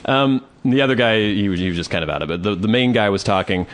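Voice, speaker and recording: Podcast guy telling a story, lively up and down voice, acts out the lines. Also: lowish voice, a little hiss or hum. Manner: animated, quick to act out both sides. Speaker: podcast co-host. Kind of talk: casual storytelling.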